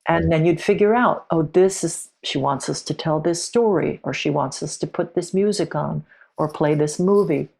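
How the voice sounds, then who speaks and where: A middle-aged woman who is a podcast guest, telling a personal story in a reflective, halting way with frequent restarts. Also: deep voice, creaky, a little mellow.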